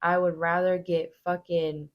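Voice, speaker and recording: A woman's voice: lowish voice, little pitch movement, measured pace, highs cut off. A woman hosting a reaction video, giving blunt, casual commentary full of swearing.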